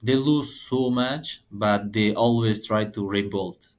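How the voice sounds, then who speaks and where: A man in his thirties from Afghanistan with an Afghan accent, a podcast guest speaking earnest, halting second-language English. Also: on the low side. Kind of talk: podcast interview.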